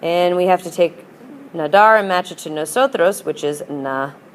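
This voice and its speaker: In this classroom lesson, a woman's lowish voice moves at a normal speed, with a little hiss or hum behind it. She teaches language by drilling patiently and repeating, mixing English and Spanish.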